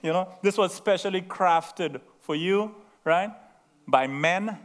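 A bold, defiant young shepherd hero, as a male preacher acts him out in a sermon. He talks in a somewhat high voice and hammers his point with emphatic repetition. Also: slow. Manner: emphatic, repeating lines for effect.

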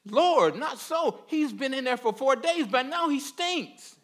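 A man's voice: extremely high pitch, expressive, unhurried, a bit bright, voice pushed up, heavily acted. A man acting out a worried, grieving woman who protests in a pleading way, in a sermon.

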